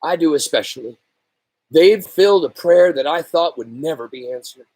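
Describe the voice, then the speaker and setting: A man voicing a gentle, comforting mother in a story reading, speaking softly and soothingly. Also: fairly high pitch, animated, normal speed, dry recording, low-quality recording. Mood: tender.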